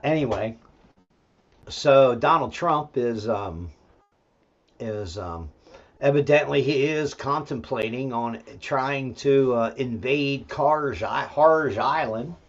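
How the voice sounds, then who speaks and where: At home alone, a male host delivers a rambling, profane political rant full of fillers and restarts, now and then talking aside to his dog. His mid-range voice goes slowly, and the sound is dull and lo-fi.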